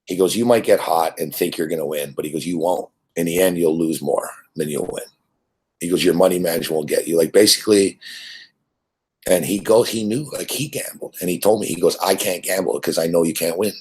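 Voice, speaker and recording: A man's voice: deep voice, fairly quick, darkish tone, breathy edge. A man hosting a sports betting show, ranting in a blunt, profane, rambling way about gambling on credit.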